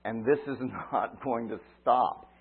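A man preaching a sermon, retelling a story dramatically, swinging from loud cries to quiet asides. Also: mid-range voice, unhurried, breathy edge. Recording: tinny phone-like line.

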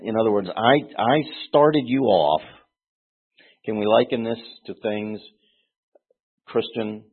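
A man with a low, husky voice teaches scripture with earnest explanation, stopping to restart phrases and leaning hard on single words. The sound is thin and tinny, like a phone line. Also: slow pace. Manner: earnest, explanatory, with frequent restarts and emphatic stresses. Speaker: Bible teacher. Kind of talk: expository Bible teaching.

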